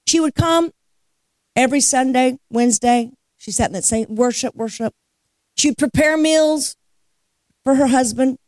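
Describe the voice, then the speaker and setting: A woman's voice: high voice, measured pace, long pauses, a little mellow, no echo, clean studio sound. A woman leading worship at a church service, telling a testimony as a storyteller with a preacher's cadence and laughing as she talks. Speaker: guest worship leader. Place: church sanctuary.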